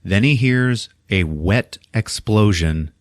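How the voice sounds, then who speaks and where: A man's voice: lowish voice, animated, takes it slowly, no room sound, studio quality. A man hosting a podcast, casually retelling a film scene by scene with swearing, quoted lines and laughter, speaking into a podcast microphone. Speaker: podcast host.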